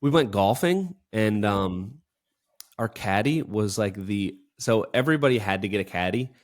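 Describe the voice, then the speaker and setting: Low-voiced man rambling through a story. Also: expressive, moderate pace. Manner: rambling, filler-heavy storytelling. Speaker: podcast co-host. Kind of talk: casual chat.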